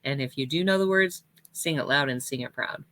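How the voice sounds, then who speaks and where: A woman's voice: very deep voice, brisk. A woman minister giving casual, rambling church announcements and laughing easily as she talks.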